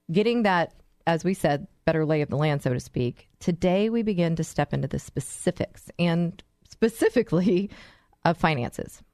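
A woman's voice: lowish voice, dry recording, studio quality. A woman hosting a talk show, addressing listeners in an enthusiastic, storytelling way. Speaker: host.

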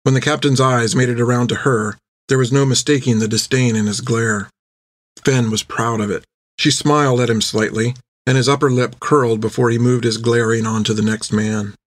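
A man reading a story aloud in steady, even narration on a close microphone. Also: medium pitch, moderate pace, dry recording. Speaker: audiobook narrator.

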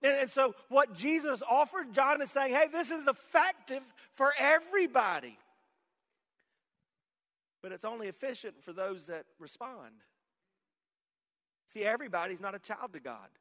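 A male pastor preaching a sermon, dropping to a hush and then rising to shouts, calling on the congregation to repeat his words. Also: extremely high pitch, lively intonation, moderate pace, long reverb tail. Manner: swings from hushed to shouted emphasis; leads call-and-response with congregation. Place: church sanctuary.

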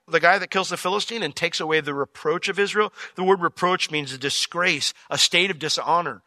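A male pastor preaching an expository sermon in a lively, conversational way, explaining word meanings and acting out the biblical characters in casual modern speech. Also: a little high, a little fast, hardly any pauses, no echo.

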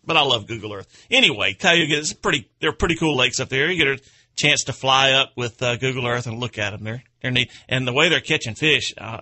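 A man's voice: medium pitch, bright, forceful tone. A man hosting an outdoors radio show, chatting in a rambling, folksy way and chuckling at his own stories. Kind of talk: casual radio chat.

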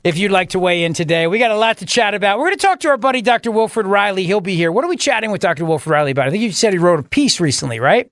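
Man, radio talk host, high voice, dry studio sound, joking mock-dramatic banter. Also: lively intonation, racing, hardly any pauses, fairly bright tone, no room sound. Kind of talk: casual radio chat.

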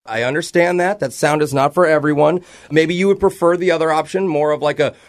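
A man on a radio show making a prank phone call, politely deadpan as a fake city clerk. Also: fairly high pitch, a little fast. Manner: mock-polite, deadpan, breaks into laughter.

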